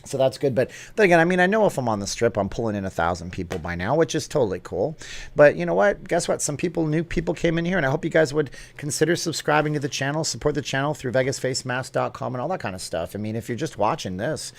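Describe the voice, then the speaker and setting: A man's voice: medium pitch, expressive, fast talker, vocal fry. A man hosting a casual live stream, chatting and joking as he answers viewer comments off the cuff.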